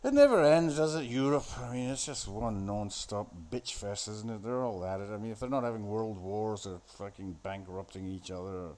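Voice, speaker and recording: A low, slightly mellow male voice runs on at normal speed with fairly even intonation and hardly any pauses. He's riffing on a movie as it plays, off-the-cuff, sardonic and foul-mouthed.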